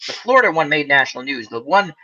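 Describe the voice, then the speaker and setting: A man hosting a casual fireside chat tells a long story animatedly, doing the voices of its characters and laughing often. His voice is fairly high and quick, and the lo-fi audio sounds muffled.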